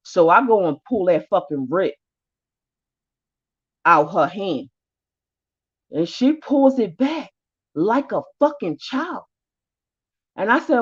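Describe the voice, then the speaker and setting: A woman's voice: medium pitch, expressive, slow pace, pauses often, husky, highs cut off. A woman vlogger telling a story of her own in blunt, profane, heated casual speech. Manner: profane, blunt, rising anger.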